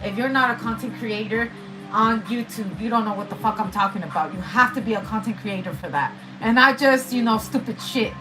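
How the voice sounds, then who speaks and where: A woman's voice: on the high side, brisk, rough recording. A woman doing a casual, rambling tarot reading, swearing often and using street slang. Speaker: tarot reader. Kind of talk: casual spiritual reading monologue. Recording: music playing behind.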